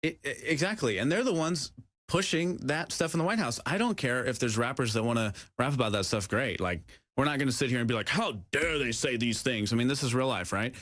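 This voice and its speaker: A man co-hosting a talk show, animated and laughing often, with mocking asides. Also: mid-range voice, fast talker, no room sound, studio quality. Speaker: co-host. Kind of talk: casual political talk.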